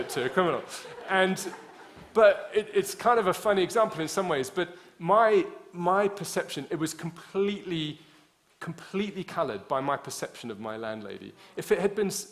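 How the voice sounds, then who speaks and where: A man's voice: fairly high pitch, a little fast, a bit bright. A man telling a personal story in the middle of a sermon, talking in a conversational way with many restarts. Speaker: preacher.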